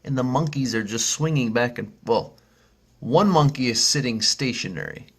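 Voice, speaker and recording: A man's voice: medium pitch, moderate pace, breathy edge. A man hosting a casual vlog, talking in a rambling, upbeat way with lots of fillers and restarts, and telling a funny story. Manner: acts out screeching monkey sounds when telling a story. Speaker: vlog host.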